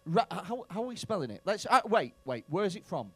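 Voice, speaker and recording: A man's voice: high voice, big pitch swings, fairly quick, husky, no room sound. A male stand-up comedian in a comedy club, doing profane, bantering crowd work with mock outrage.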